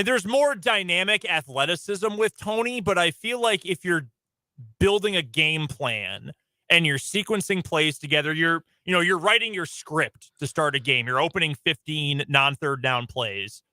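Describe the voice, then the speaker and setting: This sports radio co-host is a man with an Upper Midwest accent from around Chicago. His voice is on the high side, bright and forceful with lively intonation, and he chats and rambles casually, quick to laugh, into a studio mic with no echo.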